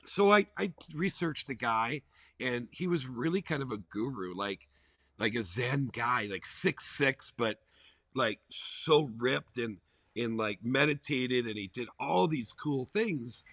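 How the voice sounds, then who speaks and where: A man's voice: medium pitch, slow, no echo. A man, a podcast guest, telling a story in a casual, rambling way with lots of "like" fillers. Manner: rambling and animated, full of "like" fillers. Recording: dull, dry lo-fi recording.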